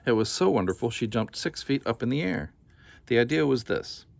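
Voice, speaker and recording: A man reading a children's picture book aloud in a gentle, unhurried way, with casual asides. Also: mid-range voice, animated, vocal fry.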